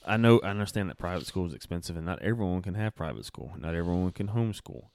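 Deep-voiced, rambling opinionated man. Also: animated, quick pace, darkish tone, no echo, clean studio sound. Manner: rambling, opinionated, restarts often. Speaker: podcast co-host. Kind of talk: casual chat.

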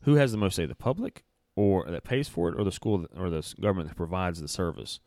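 Deep-voiced, rambling opinionated man. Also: expressive, quick pace, a little mellow, no room sound. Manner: rambling, opinionated, restarts often. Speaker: podcast co-host. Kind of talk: casual chat.

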